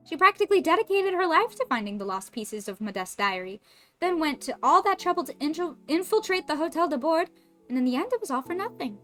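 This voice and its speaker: Woman doing a high, animated sprite sidekick; chattery, excitable.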